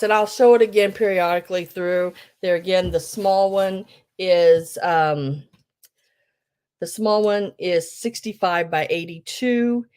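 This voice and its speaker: A woman's voice: on the low side, a little mellow. A middle-aged woman hosting a casual live-stream sale, chatting with viewers and greeting them by name, with lots of fillers and restarts. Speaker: online live-sale seller.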